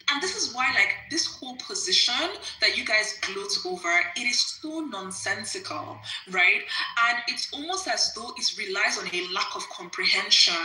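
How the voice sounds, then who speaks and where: Articulate woman debater, bright sharp tone, roomy echo. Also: mid-range voice. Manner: articulate, measured, uses "like" and "right". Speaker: debate participant. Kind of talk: debate argument.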